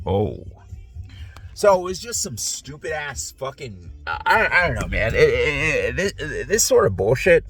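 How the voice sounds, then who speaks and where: A man's voice: fairly low pitch, vocal fry. A man with a stuffy nose, drowsy, rambling in a profane casual monologue full of fillers and restarts, recorded outdoors on a phone. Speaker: vlogger.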